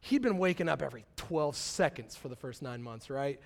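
Animated pastor telling a story. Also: male voice, medium pitch, a little fast, gravelly. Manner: animated storytelling, casual slang, acting out quotes. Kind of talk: sermon with personal story.

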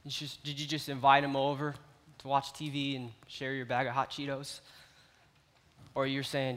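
A man preaching a sermon, telling a parable with lively, animated storytelling that swings between loud and quiet. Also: mid-range voice, moderate pace. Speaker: youth pastor. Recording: long reverb of a large hall.

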